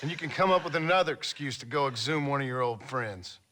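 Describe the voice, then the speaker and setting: An actor playing a steady former outlaw with a dry, sardonic way of talking. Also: male voice, medium pitch, fast talker, faint music behind, close to an everyday voice. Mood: wry.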